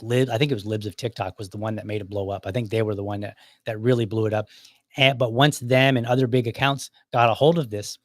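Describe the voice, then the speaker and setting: A man's voice: mid-range voice, no room sound, studio quality. A middle-aged man hosting a solo commentary podcast, talking casually with restarts and asides. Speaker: podcast host.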